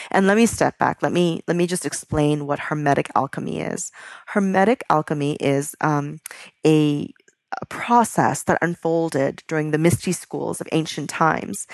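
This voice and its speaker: A woman working as a spiritual teacher who leads a slow, soothing guided meditation and chants mantras. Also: low-pitched, gravelly, no room sound, clean studio sound.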